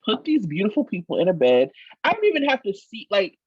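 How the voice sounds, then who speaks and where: A husky-voiced woman co-hosts a casual chat with a swinging, animated delivery. She talks emphatically and swears freely, and the sound is dry and slightly muffled. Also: medium pitch, fairly quick, no room sound. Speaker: podcast co-host.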